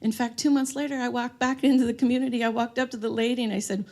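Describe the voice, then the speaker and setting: A woman's voice: on the high side, flat delivery, fast, few pauses, darkish tone. A woman giving a live seminar talk on dementia care, telling stories and asking the room questions. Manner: storytelling, asks the audience questions. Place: room with an audience.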